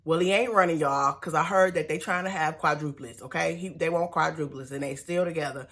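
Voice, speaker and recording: A woman's voice: sits low, a little fast, few pauses. A woman giving a sassy, chatty recap of a reality show, with slangy asides to her viewers. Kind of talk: casual TV episode recap.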